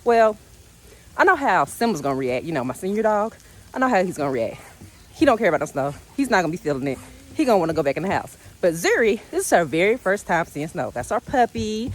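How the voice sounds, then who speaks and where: A woman's voice: lowish voice, quick pace, a little hiss or hum. A woman, chatting casually to the camera as a vlogger about her dogs. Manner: chatty and animated, uses y'all, narrates her dogs' reactions. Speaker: vlogger and dog owner.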